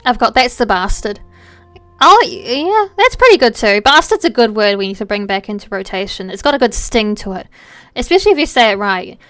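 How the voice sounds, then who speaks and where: A woman streamer chatting casually while playing a game, animated and playful, with quick asides and some swearing. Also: a little high, dry recording, soft background music.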